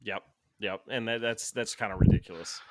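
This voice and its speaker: A man with a fairly low voice chats casually on a podcast. He rambles, laughs often and swears easily, like he is talking to old friends. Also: steady tone, normal speed, crowd noise. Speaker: podcast co-host. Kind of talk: casual chat. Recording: remote quarantine recording.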